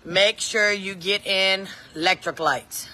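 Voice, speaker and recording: A woman's voice: mid-range voice, fairly even intonation, slow pace, bright, forceful tone. A middle-aged woman, chatting casually to live-stream viewers and her kids outdoors on a phone. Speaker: vlogger and mom. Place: outdoors at a scenic waterfall spot.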